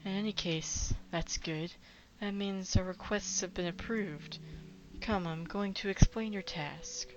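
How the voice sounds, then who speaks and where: A woman voicing a nervous, fussy clerk of the mines who talks in a hesitant, halting, polite way. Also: mid-range voice, lightly acted. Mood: explaining. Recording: dull lo-fi with faint noise.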